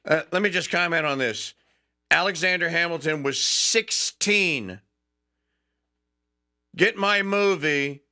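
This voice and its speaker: A man's voice: fairly high pitch, takes it slowly, pauses often, sharp tone, clean tone. A man hosting a talk show, telling a history story with enthusiasm, digressions and frequent restarts.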